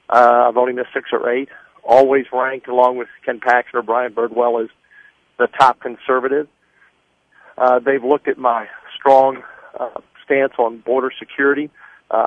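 A breathless man in his sixties, a political candidate, calls into a radio show as a guest to talk up his campaign, brisk, insistent and heavy on numbers. His medium-pitched voice comes over a tinny line from a mobile phone he uses while walking, with a dry recording.

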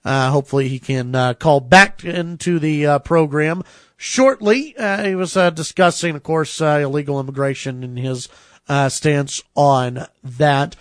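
High-voiced radio talk show host. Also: male voice, dry recording, studio quality. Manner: easygoing, chatty, many filler pauses.

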